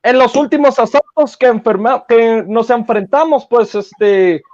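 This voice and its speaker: A man doing a halting young Mexican boxer. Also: extremely high pitch, darkish tone. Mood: hesitant. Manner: halting, full of fillers. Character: impression of a Mexican boxing star, young man, hesitant. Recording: dull lo-fi sound.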